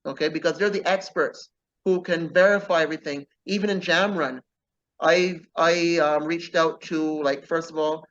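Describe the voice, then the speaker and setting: The highs are cut off in this recording of a man interviewed as an author. His fairly high, slightly bright voice stays fairly even in intonation at a moderate pace, and he talks earnestly, repeatedly adding "okay?" to his points in this casual conversation.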